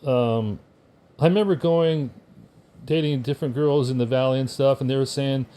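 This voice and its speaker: A man's voice: medium pitch, moderate pace, mellow, clean tone. An older American man, a veteran guest on a podcast, telling casual stories with wry humor and acting out the people he quotes. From United States. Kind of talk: casual storytelling.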